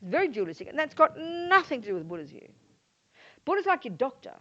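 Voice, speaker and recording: An older woman with an Australian accent, a Buddhist nun giving a lively dharma talk to a live audience and acting out the voices she quotes. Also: high-pitched, fast talker. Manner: animated, acts out quoted voices. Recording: muffled lo-fi talk recording.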